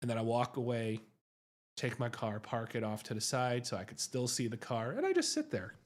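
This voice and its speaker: A man's voice: medium pitch, sing-song, normal speed. A man, a psychiatrist hosting a livestream, telling a story in a chatty, self-mocking way and often asking "right?".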